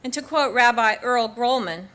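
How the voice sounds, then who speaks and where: An older woman giving a keynote speech at an outdoor memorial ceremony in a park. She speaks earnestly and in a measured way, reading parts from her book with a few small restarts. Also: fairly high pitch, fairly bright tone. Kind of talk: public speech partly read from her book.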